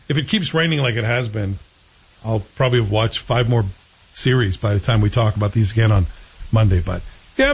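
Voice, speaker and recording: Man, husky voice, casual opinionated TV chat, dull lo-fi sound. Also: mid-range voice. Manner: chatty, opinionated, animated. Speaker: show co-host reviewing TV.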